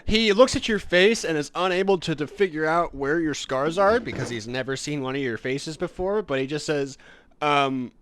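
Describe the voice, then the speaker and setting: A man's voice: on the high side, animated, normal speed, fairly bright tone, a little hiss or hum. A man running a tabletop game as game master, playful, laughing often and swearing casually.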